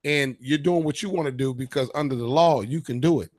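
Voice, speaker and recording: A man's voice: mid-range voice, brisk, darkish tone, dry recording, clean studio sound. A man hosting a radio show, ranting in a heated, profane, emphatic way in casual talk. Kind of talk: casual political rant.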